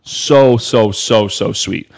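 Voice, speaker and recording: A man's voice: fairly low pitch, slow, gravelly. A young man, a podcast guest, telling casual stories full of "like" and swearing. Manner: loose and animated, heavy on "like" fillers and swearing. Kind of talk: casual storytelling.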